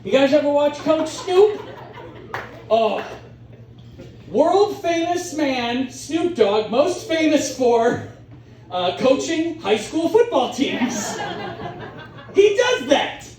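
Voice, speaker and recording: Animated stand-up comic man, high voice. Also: slow. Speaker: stand-up comedian. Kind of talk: stand-up comedy set. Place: comedy club stage. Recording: roomy club sound from a distance.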